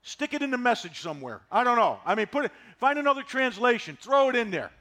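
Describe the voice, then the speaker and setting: A man in his sixties preaching a sermon, folksy and animated, driving points home with repetition. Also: very high voice, quick pace. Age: 60s. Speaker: pastor.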